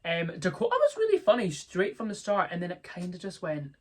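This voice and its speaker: A young man hosting a casual review chat, bubbly, quick to laugh and full of fillers. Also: high voice, wildly swooping pitch. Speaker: host.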